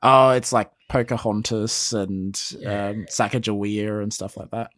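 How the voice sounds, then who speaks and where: A man co-hosting a podcast in a relaxed, chuckling casual chat. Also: lowish voice, measured pace, no room sound, clean studio sound. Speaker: podcast co-host.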